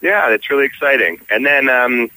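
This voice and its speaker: Bright-voiced young man chatting easily. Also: medium pitch, moderate pace, no echo, poor audio. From Canada. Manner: easygoing, frequent restarts. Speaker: stage actor, guest. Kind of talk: casual interview.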